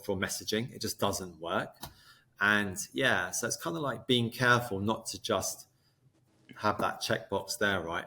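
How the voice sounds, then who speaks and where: A man's voice: on the low side, pushed and bright. A man talking in a conversational interview as a podcast guest, laying out ideas step by step in a thoughtful way. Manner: thoughtful, explaining use cases step by step.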